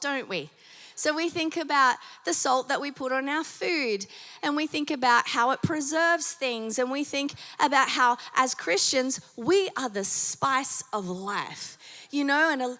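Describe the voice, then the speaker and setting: A woman's voice: high-pitched, measured pace, pushed and bright, in a large hall. A woman pastor preaching a sermon in a conversational way, with many fillers and questions to the congregation, her voice a little strained. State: slightly strained voice. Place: church auditorium.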